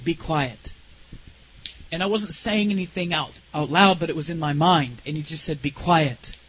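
A man with a high voice tells a personal testimony with deep feeling. He speaks earnestly and haltingly, and at the heaviest moments he drops to a low, quiet voice. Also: slight background noise, low-quality recording.

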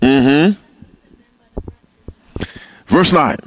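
Male Bible teacher, mid-pitched, leading a class, repeats points for emphasis. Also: animated, extremely slow, dry recording. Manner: calls on members to read, repeats key phrases.

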